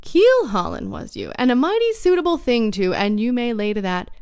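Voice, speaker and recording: A woman voicing a crafty, hearty one-legged pirate landlord who talks loud and blusters, in a storybook reading. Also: on the high side, wildly swooping pitch, normal speed, smooth, no echo, studio quality. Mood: stern.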